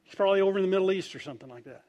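Talking very fast in a high voice, a preacher tells a humorous story in his sermon with great animation. He imitates the voices of the people he quotes, and his loudness varies widely.

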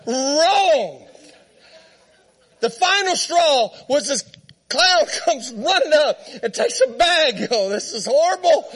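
High, bright-voiced preacher telling a funny story. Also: male voice, slow. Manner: animated, laughing through his story. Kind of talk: comic storytelling sermon.

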